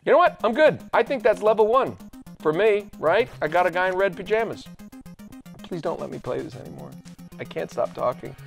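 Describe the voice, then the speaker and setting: Excitable man playing a retro game. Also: high voice, a little fast, gravelly, soft background music. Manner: excitable, self-mocking, prone to outbursts. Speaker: game show co-host. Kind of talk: casual let's-play banter.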